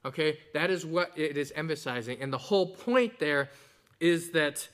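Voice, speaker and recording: A man's voice: fairly high pitch, expressive, normal speed, fairly bright tone. A man preaching a sermon in an earnest, explanatory way, with conversational asides and strong emphasis on key words. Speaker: pastor.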